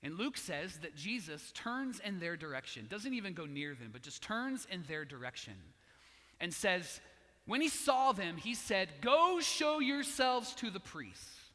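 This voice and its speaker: A man's voice: on the high side, big pitch swings, measured pace, pushed and bright, long reverb tail. A man preaching a sermon as pastor, telling a story and acting out its voices.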